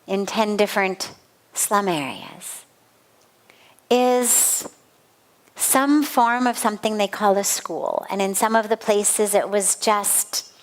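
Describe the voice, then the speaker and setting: A middle-aged woman speaks as a spiritual teacher at a satsang, her voice pitched a little high for a woman. She tells a story earnestly and vividly, leaning on repeated phrases for emphasis. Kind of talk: satsang talk with a personal story.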